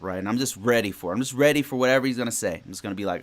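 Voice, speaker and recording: Racing along with hardly any pauses, a man in his forties speaks in an animated, mid-range voice that comes across pushed and bright. On his solo podcast he tells a rambling work story, often repeating and restarting phrases.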